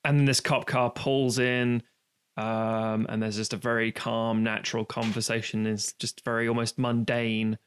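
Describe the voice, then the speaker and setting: A man's voice: mid-range voice, flat delivery, slight background noise. A man co-hosting a podcast in casual chat, with a jokey, teasing way of talking. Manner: jokey, teasing, quick asides. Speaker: podcast co-host.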